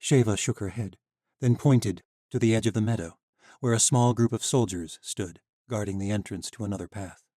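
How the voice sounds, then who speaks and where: Guy narrating a fantasy audiobook, mellow tone, dry studio sound. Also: fairly low pitch, normal speed, no room sound. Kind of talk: scripted narration.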